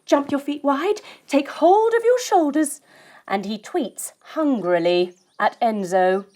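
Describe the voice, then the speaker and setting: Woman instructor, high and unhurried, playful storytelling for kids' yoga. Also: lively intonation. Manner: gentle, playful, guiding movements. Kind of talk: storytelling yoga lesson for children.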